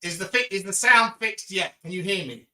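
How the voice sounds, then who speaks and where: A man's voice: sits high, moderate pace, sharp tone. A man hosting a live football watchalong, ranting and chatty, exasperated with his team. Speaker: football fan channel host.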